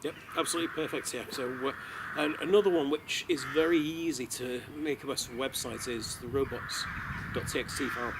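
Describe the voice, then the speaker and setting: A man's voice: medium pitch, fairly even intonation, noisy background. A man co-hosting a casual interview who affirms answers and asks follow-up questions. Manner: affirming, quick asides.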